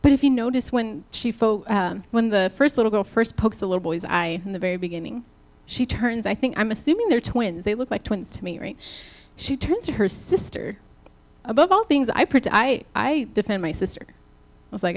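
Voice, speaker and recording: Woman preaching, upbeat and conversational, slightly high voice, talks right to the church. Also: normal speed. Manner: animated, laughing while retelling, addresses the church directly. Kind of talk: sermon.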